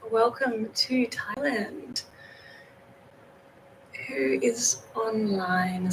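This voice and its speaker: A woman's voice: a little high, vocal fry, a bit bright, a little hiss or hum, poor audio. A woman with an Australian accent, chatting casually on a livestream, greeting viewers by name. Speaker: livestream host. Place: home in northern Thailand.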